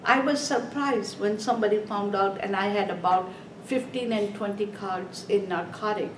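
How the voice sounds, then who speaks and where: A woman's voice: mid-range voice, normal speed. A woman teaching a nursing exam review class, emphatic and repeating her points, with non-native English grammar. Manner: emphatic, repeats "Are we clear?". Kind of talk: classroom lecture. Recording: echoey room, voice from far off, faint background noise.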